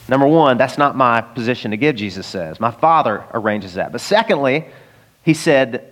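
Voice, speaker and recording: A man's voice: medium pitch, lively intonation, a little fast, a bit bright, big-room sound. A man preaching a sermon in a conversational way, acting out the voices of the people he quotes. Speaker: pastor.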